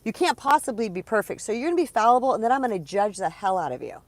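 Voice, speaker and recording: Woman doing a judgmental god, sarcastic, exaggerated, high and loud. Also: big pitch swings, fast talker, no echo. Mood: mocking. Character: mocking, judgmental deity voice.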